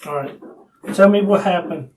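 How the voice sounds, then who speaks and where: A man's voice: sits high, moderate pace. Give me a male detective asking procedural questions, recorded from a distance with faint background hiss. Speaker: police detective. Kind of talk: police interrogation. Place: police interview room. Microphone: room recording device.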